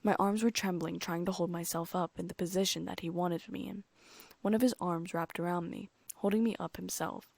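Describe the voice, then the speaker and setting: A woman narrates a first-person audiobook with a gravelly, fairly low voice. She is breathy and often sinks into a whisper. The recording is dry and close. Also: fairly even intonation, brisk, dry recording.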